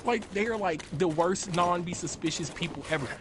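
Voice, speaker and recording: A man live-streaming while gaming, telling stories in a casual, animated way, swearing freely and acting out other people's voices. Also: high voice, moderate pace, noisy background. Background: music.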